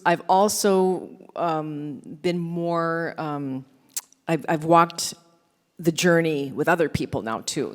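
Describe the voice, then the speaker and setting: A woman radio host talks candidly to a live audience, poking fun at herself and bursting into others' lines as she retells them. Her voice sits a little low. A long hall reverb trails every word. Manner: candid, self-deprecating, quoting others in lively bursts. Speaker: radio host and author speaking at a forum. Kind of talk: storytelling talk with audience Q&A.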